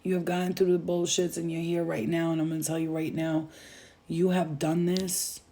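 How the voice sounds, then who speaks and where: A spiritual reader, an adult who has a child, channels a casual message straight to the viewer in a fairly low, mellow voice with little pitch movement at normal speed. She is emphatic and reassuring, swears freely, and repeats phrases for weight.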